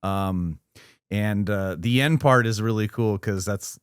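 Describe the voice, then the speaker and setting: A man's voice: on the low side, slow, clean tone, dry recording, studio quality. A man co-hosting a casual movie review chat, enthusiastic and rambling, with lots of fillers and restarts. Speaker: podcast co-host.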